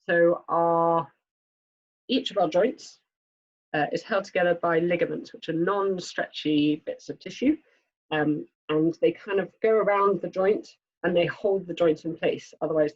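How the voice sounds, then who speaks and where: A woman's voice: lowish voice, unhurried, highs cut off. A woman physiotherapist giving a spoken presentation to parents, explaining step by step with frequent fillers. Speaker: children's physiotherapist. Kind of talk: presentation lesson.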